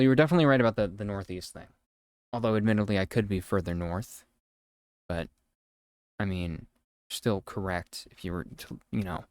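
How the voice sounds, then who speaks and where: A man's voice: lowish voice, clear, resonant tone, no echo. A young man from the East Coast of the United States, casually chatting on a live stream while thinking aloud as he codes. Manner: thinks aloud while coding, reading code slowly.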